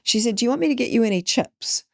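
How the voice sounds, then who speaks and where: A woman's voice: fairly high pitch, fast, vocal fry, no echo, clean studio sound. A woman, a podcast guest telling a story in conversation and acting out the people she quotes. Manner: animated, acts out quoted voices.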